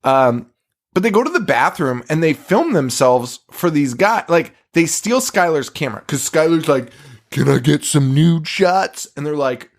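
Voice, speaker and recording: A man's voice: on the high side, sing-song, moderate pace. A man co-hosting a podcast, recapping a movie in casual chat, sarcastic and profane with frequent laughter. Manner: sarcastic, swears a lot, laughs often. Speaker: podcast co-host.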